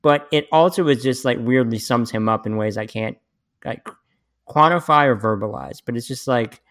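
A man hosting a casual podcast, talking at a middling pitch. He rambles loosely, restarts his sentences and swears without a second thought. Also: normal speed, fairly bright tone. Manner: profane, rambling, frequent restarts. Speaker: podcast host. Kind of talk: casual chat.

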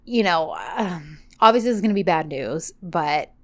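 A woman's voice: on the low side, animated, moderate pace. A woman casually recapping a TV drama with a co-host, animatedly acting out the characters' lines as she goes. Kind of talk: casual chat.

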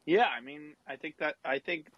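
A man's voice: on the high side, normal speed, no room sound, dull audio. A man co-hosting a podcast, chatting casually and rambling with lots of restarts and fillers. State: has the hiccups. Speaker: podcast co-host. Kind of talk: casual sports chat.

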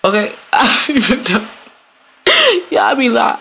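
A woman, venting on her solo podcast in a blunt, profane way. Her voice is bright and gravelly, and her pitch swings widely as she acts out other people. A faint hiss of noise sits behind her. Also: sing-song, moderate pace. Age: 30s. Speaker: podcast host. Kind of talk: casual solo podcast rant.

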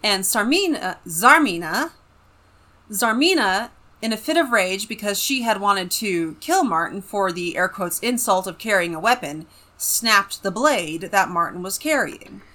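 A woman co-hosting a casual podcast, summarizing a book plot in an animated way and laughing often. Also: mid-range voice, moderate pace. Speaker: podcast co-host.

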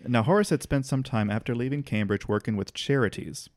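A man's voice: mid-range voice, brisk, dry recording, studio quality. A man co-hosting a podcast, casually telling a history story with easy restarts and the odd laugh. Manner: relaxed, occasional restarts, laughs while telling.

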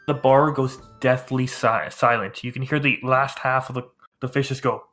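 A man narrating a tabletop game as its game master, in a loose storytelling way. His voice sits at an ordinary middle pitch. Soft music plays faintly underneath. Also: fairly even intonation, normal speed.

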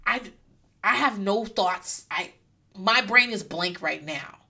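A young woman hosting a podcast, telling a story in a casual, profane, animated way and laughing often. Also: fairly high pitch, normal speed. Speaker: podcast host. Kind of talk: casual comedic recap.

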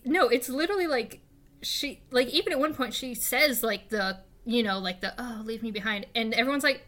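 A woman co-hosting a podcast in casual chat, animated and quick to laugh, swearing freely. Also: on the high side. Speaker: podcast co-host.

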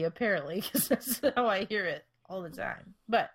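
A woman's voice: medium pitch, normal speed, breathy edge. Rambling young woman at a desk mic. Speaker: podcast co-host. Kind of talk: casual chat. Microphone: desk microphone.

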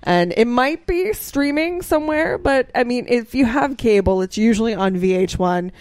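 A woman's voice: a little high, lively intonation, normal speed, a little mellow, no room sound. Chatty woman podcast host, dry sound. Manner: chatty, with many restarts and laughs. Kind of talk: casual chat.

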